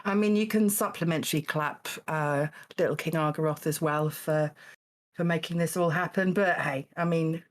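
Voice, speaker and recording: A woman hosting a live charity game show stream, dry and teasing, with frequent ums and restarts. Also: mid-range voice.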